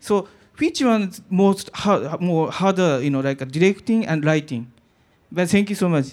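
A high-pitched man gushes at the audience microphone. He speaks halting English with small grammar slips. He piles several questions together, warm and eager. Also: animated. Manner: eager fan, halting non-native English. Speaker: audience member asking questions.

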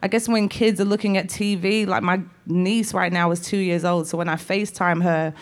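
Female guest, Liverpool accent, lower voice, animated storyteller. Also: normal speed. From England. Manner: animated, lively storyteller with laughs. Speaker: songwriter guest. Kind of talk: casual interview storytelling.

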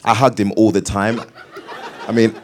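A man's voice: on the low side, flat delivery, normal speed, noisy background. A British man, an actor, answering interview questions on stage in a playful way, laughing and restarting his sentences. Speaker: actor guest.

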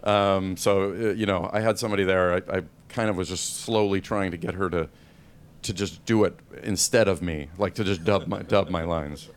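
A man's voice: low-pitched, fairly even intonation, moderate pace, smooth. A man answering questions as a guest at a live film Q&A, hesitant and self-deprecating, with many restarts and laughs. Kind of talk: casual panel Q&A. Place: event hall with live audience.

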